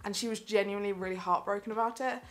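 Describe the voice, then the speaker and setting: A woman's voice: medium pitch, fairly even intonation, quick pace. A young woman chatting enthusiastically in a casual vlog about the theatre shows she has seen. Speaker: theatre vlogger.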